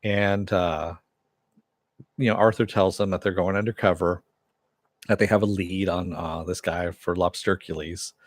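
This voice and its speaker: A man recapping a TV episode in a relaxed way, chuckling often and using many fillers. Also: low-pitched, unhurried, no room sound. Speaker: TV episode reviewer.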